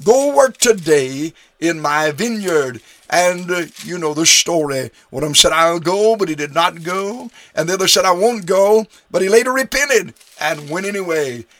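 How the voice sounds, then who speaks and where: A man's voice: high-pitched, expressive, moderate pace, hardly any pauses, a bit bright. A man preaching a radio sermon, emphatic, his voice rising on key phrases. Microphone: studio radio microphone.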